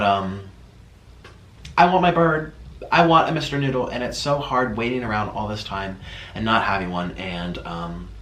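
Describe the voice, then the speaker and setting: A man talking straight to camera in a casual vlog, tearful and halting, with many pauses and fillers. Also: medium pitch, pushed and bright, roomy sound, slight background noise. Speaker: vlogger. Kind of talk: emotional casual vlog talk.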